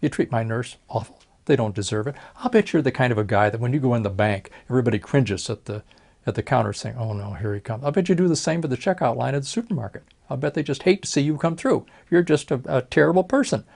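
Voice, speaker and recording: A man's voice: medium pitch, lively intonation, fast, gravelly, a little mellow. An older man, a retired plastic surgeon, telling folksy stories in an oral history interview and acting out the voices of people he quotes.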